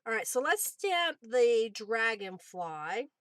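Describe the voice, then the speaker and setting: A high-voiced woman hosts a crafting livestream, talking at an unhurried pace. She chats easily, greets viewers by name and laughs often. Her voice sounds close and dry, with no room echo. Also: very animated, a bit bright. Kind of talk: casual livestream chat while crafting.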